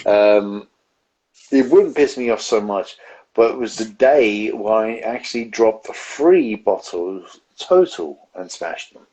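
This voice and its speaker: A man's voice: on the low side, animated, takes it slowly, darkish tone, breathy edge, rough recording. A man co-hosting a casual beer review livestream, telling rambling stories full of restarts. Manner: rambling, self-interrupting storyteller. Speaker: co-host of a beer review show. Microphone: home setup on a live video stream.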